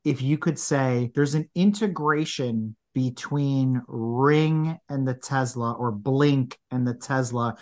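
A man's voice: medium pitch, slow, hardly any pauses, darkish tone. A man co-hosting a podcast in casual chat, wry and argumentative, spinning out what-if scenarios. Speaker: podcast co-host.

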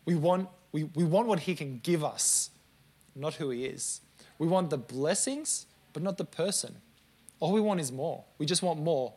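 Lively, somewhat high-voiced young male preacher. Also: normal speed, slightly rough. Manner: lively storytelling, self-mocking asides. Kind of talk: sermon. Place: church service before a congregation.

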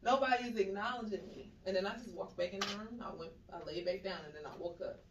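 A woman in casual chat, telling dream stories in a slangy, animated way and acting out the voices she quotes. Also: lowish voice, quick pace, lo-fi sound, noisy background. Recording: echoey room, mic at a distance.

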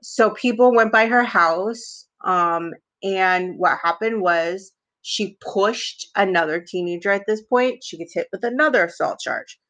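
A woman's voice: mid-range voice, measured pace, few pauses, a bit bright. A woman tells stories on a podcast in a loose, chatty way. She leans on fillers and adds wry, indignant asides. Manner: chatty, heavy use of "like" fillers. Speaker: podcast co-host. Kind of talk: casual storytelling.

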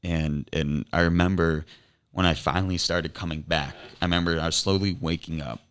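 A young man, a podcast guest, earnestly retelling a near-death experience, halting and restarting often. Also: deep voice, steady tone, a bit bright, smooth. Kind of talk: emotional personal storytelling.

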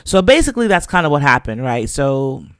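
A man's voice: mid-range voice, big pitch swings, a little fast, fairly bright tone, clear, resonant tone, no echo, clean studio sound. A man giving a casual, profane recap of a TV show and acting out the characters' lines as he goes. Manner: loose, profane storytelling that acts out characters' lines.

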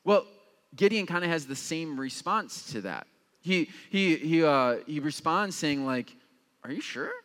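A young male pastor gives a relaxed, chatty sermon, his voice set a little high and full of "like" and "uh" fillers. He leaps up in pitch whenever he acts out someone's reaction. The sound carries a long reverb, as if from a large hall. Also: unhurried, clean tone. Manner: casual, conversational, with many fillers; animated, jumps high in pitch when acting out reactions.

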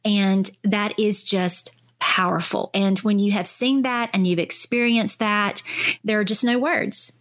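A woman speech-language pathologist, a podcast guest, telling stories in casual conversation. She is enthusiastic, says "you know" often, and acts out colleagues in lively voices. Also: medium pitch, measured pace.

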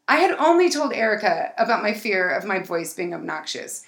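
Woman podcaster, kinda high voice, excited storytelling, echoey room. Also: normal speed, gravelly. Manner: animated, excited storytelling with laughs. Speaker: podcast host. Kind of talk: casual storytelling chat.

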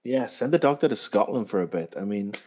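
A man's voice: on the low side, expressive, a little fast, darkish tone, slightly rough. A man, co-hosting a casual podcast chat in a blunt, sweary, ranting way. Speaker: podcast co-host.

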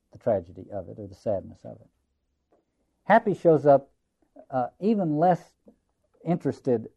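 A man's voice: mid-range voice, warm tone, muffled recording. A man giving a lecture on a play, musing and reflective, repeating phrases for emphasis.

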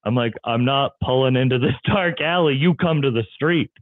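A comedian guest tells wild stories in casual chat, laughing often. His medium-pitched voice moves at a normal speed and comes through a dry, tinny, phone-like line.

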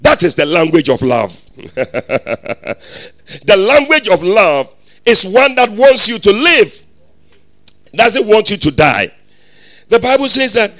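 A man preaching a sermon as pastor, in a sing-song, emphatic delivery that rises to shouted declarations. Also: high-pitched.

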